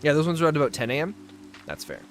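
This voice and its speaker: Faint music sits behind a man in his twenties whose high voice races along, very animated and very fast, during a casual game livestream. He reads chat aloud, answers viewers, and laughs easily as he tells stories.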